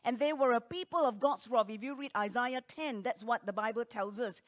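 A woman preaching from the pulpit, her voice set a little higher than most. She delivers emphatic declarations and rhetorical questions, then drops to hushed, quiet asides. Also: fairly quick. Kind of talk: sermon.

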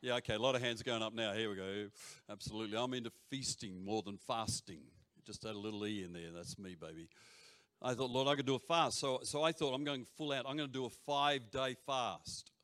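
Aussie pastor preaching to the congregation, loud then hushed, cracks jokes, mid pitch. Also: male voice, fairly quick. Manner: animated, shouts and drops to near whispers; jokey asides to the congregation. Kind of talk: sermon. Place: church hall before a congregation. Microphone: handheld or stage mic.

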